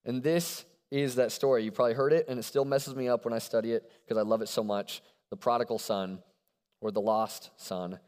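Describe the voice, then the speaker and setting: Young male preacher, animated and chatty, mid-pitched voice, long hall reverb. casual sermon delivery. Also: a little fast, smooth. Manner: animated, conversational with frequent check-ins. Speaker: college ministry preacher.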